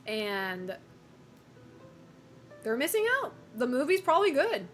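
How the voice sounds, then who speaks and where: A woman's voice: on the high side, sing-song, slow pace, a bit bright, faint music behind. A woman streamer chatting casually with viewers, opinionated, swearing and laughing often.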